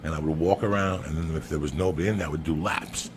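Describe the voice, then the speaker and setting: A man telling a long personal story on a podcast in a profane, animated way. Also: extremely low pitch, fast talker, background noise. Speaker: podcast guest. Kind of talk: storytelling anecdote.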